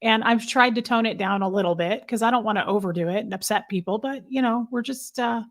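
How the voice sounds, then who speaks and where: A woman in her thirties, a guest creator, chatting candidly and quickly in a friendly way. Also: fairly high pitch. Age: 30s. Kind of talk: casual conversation.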